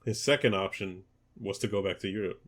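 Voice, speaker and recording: Low-voiced man hosting a football podcast. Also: fairly quick. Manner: relaxed, hesitant, many ums and restarts. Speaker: podcast host. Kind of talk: casual football podcast chat.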